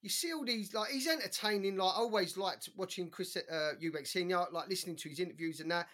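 A man co-hosting a boxing podcast, talking in an animated, slangy way with plenty of swearing. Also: sits high, quick pace. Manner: animated, swearing, slangy, quotes others in put-on voices. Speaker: podcast co-host. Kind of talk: casual podcast chat.

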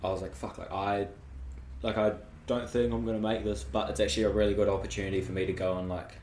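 A young man with a New Zealand accent hosting a casual chat, relaxed and encouraging, with lots of slang. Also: on the low side, quick pace. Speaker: host. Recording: echoey room with faint hiss.

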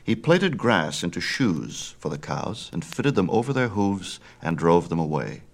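A man reads a myth aloud with measured, expressive storytelling. His voice is very low, yet it rises and falls widely as the tale unfolds. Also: creaky. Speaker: audiobook narrator.

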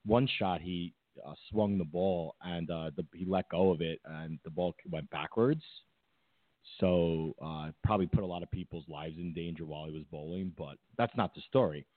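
This podcast co-host has a deep voice and talks at normal speed, rambling through a story with lots of fillers and restarts in casual chat. The line sounds tinny and phone-like, with a dry, echo-free sound.

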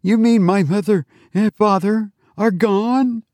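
A man voicing a young boy who is searching for his missing parents and calls out in a high, pleading voice. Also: slow pace, a little mellow, no room sound.

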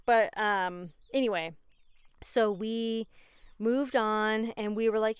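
A woman's voice: medium pitch, expressive, measured pace, clean tone, dry recording. A woman hosting a podcast in a casual, rambling, chatty way, with frequent fillers and laughs. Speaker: podcast host. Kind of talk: casual chat.

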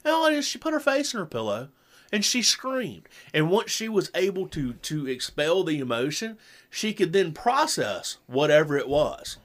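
A middle-aged man with a fairly high voice, talking casually about parenting. He tells stories with energy, often sinking into a low growl for emphasis and then bouncing back up. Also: normal speed. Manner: animated storyteller, drops low for emphasis.

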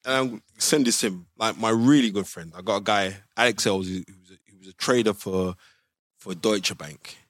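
A middle-aged boxing pundit, a guest in a podcast studio, tells stories animatedly in a casual chat, acting out quoted voices and bursting into laughter. His lowish voice moves a little fast, and the studio-quality recording has no echo.

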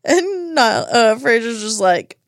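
A woman's voice: on the high side, sing-song, slow, no room sound. A woman co-hosting a podcast, animatedly retelling a TV episode and acting out the characters' lines with casual swearing, recorded in a studio. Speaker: podcast co-host.

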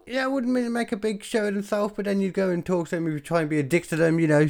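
A young man from the UK talking alone in a loose, rambling way. He swears freely and mocks himself, jumping from loud bursts to low mumbles. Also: smooth. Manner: rambling, self-mocking, sweary, quick swings between loud and mumbled. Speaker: podcaster and stand-up comic. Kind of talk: casual solo chat.

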